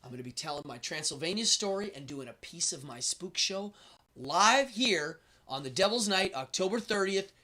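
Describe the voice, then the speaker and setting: A man's voice: a little high, pushed and bright. A middle-aged man hosting a live stream, chatting casually and enthusiastically, rambling as he reacts to viewers' comments. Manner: enthusiastic, rambling, reads chat aloud. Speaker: host.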